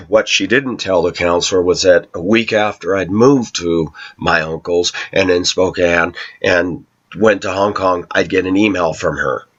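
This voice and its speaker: A man talking to his viewers in a long personal monologue, aggrieved and telling his side, often clearing his throat. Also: low voice, a little slow, fairly bright tone. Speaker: vlogger addressing viewers. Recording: slightly dull lo-fi recording.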